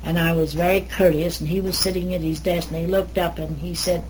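An older woman recounting a personal memory in an unhurried, lively and wry way, with small hesitations, sometimes acting out dialogue. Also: on the low side, rough recording. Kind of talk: oral history storytelling.

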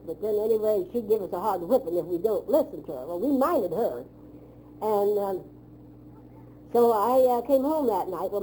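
A woman's voice: mid-range voice, dark tone, a little hiss or hum, poor audio. An older woman recounting childhood memories in a plain-spoken, rambling way, often repeating "I said.". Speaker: oral history narrator.

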